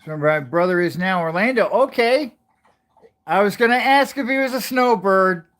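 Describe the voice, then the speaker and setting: A man's voice: high-pitched, lively intonation, moderate pace, fairly bright tone. A man chatting casually on a home livestream, rambling and friendly with many uhs. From United States. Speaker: livestream host. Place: living room at home.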